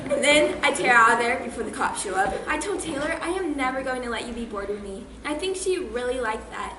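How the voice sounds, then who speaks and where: A woman's voice: sits high, lively intonation, quick pace. A woman playing a bubbly, unhinged young woman who gushes and giggles about an imaginary celebrity friend. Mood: gleeful, manic. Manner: gushing, giggly, breezy about violence. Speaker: student actor in a stage play. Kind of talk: comic stage monologue. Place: school stage or hall. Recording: roomy stage recording with noise.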